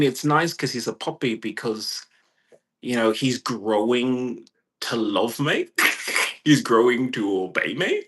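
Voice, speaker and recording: A man's voice: medium pitch, breathy edge. A man in a casual home vlog, ranting with lots of swearing and acting out quoted voices. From California. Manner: profane, rambling, animated quoted voices. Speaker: vlogger. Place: indoors at home with a puppy.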